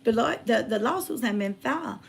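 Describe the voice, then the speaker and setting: A woman telling a personal story in casual chat, drifting from hushed asides to loud emphatic bursts. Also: on the high side, expressive, a little fast, creaky, husky. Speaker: channel host.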